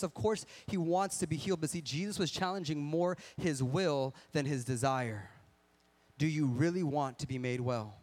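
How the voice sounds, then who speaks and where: A man preaching a sermon in an earnest, conversational way, asking rhetorical questions and acting out people's excuses. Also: on the high side. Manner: acts out excuses in a whiny voice.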